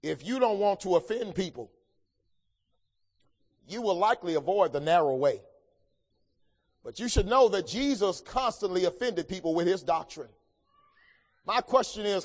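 A man preaching a sermon, swinging between loud emphatic lines and hushed, low passages. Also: big-room sound.

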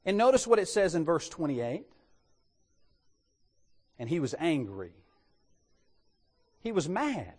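A man preaching a sermon in an animated way, putting rhetorical questions to his congregation. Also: on the high side, slow, pauses often, husky, big-room sound.

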